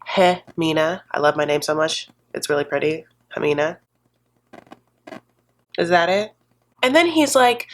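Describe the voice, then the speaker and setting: A woman's voice: low-pitched, lively intonation, measured pace, long pauses. A woman doing a casual, sassy recap of a reality show to camera, laughing often and calling her viewers honey. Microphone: desk condenser mic.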